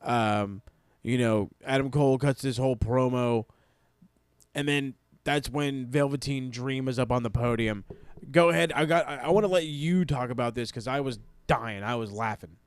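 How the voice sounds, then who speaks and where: A man's voice: medium pitch, moderate pace, clean tone, no echo. A man co-hosting a casual wrestling podcast, laid-back and swearing, acting out wrestlers' lines for laughs. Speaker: podcast co-host.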